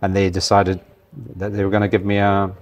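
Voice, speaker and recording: A man in his sixties with a light Scottish accent worn down by travel, telling a long story in a relaxed way and acting out what other people said. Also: sits low, fairly quick, highs cut off. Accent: light Scottish, softened by travel. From Scotland. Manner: relaxed anecdotal storyteller, acts out the voices of others. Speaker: podcast guest. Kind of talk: long-form storytelling interview.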